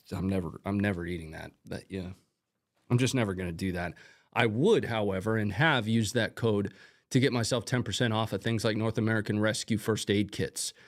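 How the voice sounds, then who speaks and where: A man hosting a live stream, talking casually through combat footage with chatty asides. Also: lowish voice. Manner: relaxed, conversational, chatty asides. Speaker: host.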